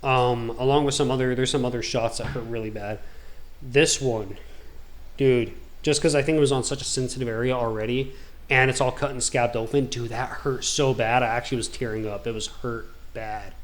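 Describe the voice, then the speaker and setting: A man hosting a gaming video, telling a long story in a rambling, animated, slangy way. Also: medium pitch, fairly quick. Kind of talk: casual storytelling while gaming.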